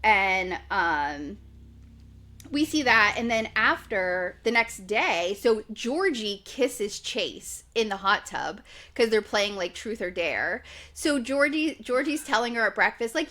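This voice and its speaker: A young woman co-hosting a podcast, chatting casually and acting out quotes in lively voices. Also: mid-range voice, slow. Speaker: podcast co-host. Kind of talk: casual chat recapping reality TV.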